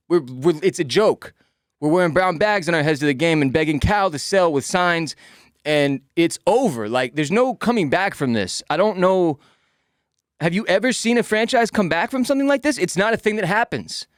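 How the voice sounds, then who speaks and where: A man hosting a casual sports podcast, venting in a profane, exasperated rant. His voice sits high and swings widely in pitch. The sound is dry and close, with no room echo. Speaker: podcast host.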